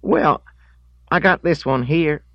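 A man putting on a scrawny boy who squeaks up high whenever he's nervous. He's jumpy and eager to please, talking quickly and brightly to smooth things over. The recording is dry and a little dull, like an audiobook. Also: no echo.

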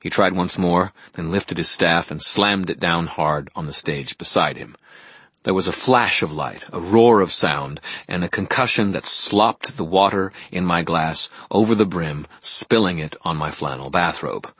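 A man's voice: low-pitched, unhurried, a bit bright, husky, no echo. A man narrating a novel in first person with a wry storytelling manner. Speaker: audiobook narrator. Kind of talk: scripted narration.

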